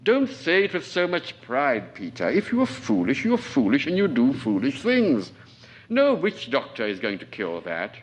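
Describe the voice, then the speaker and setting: A man's voice: on the low side, huge pitch swings, moderate pace, few pauses, lo-fi sound. A man putting on a sneering old colonel. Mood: scolding. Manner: cutting, taunting. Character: older male colonel, domineering, sarcastic.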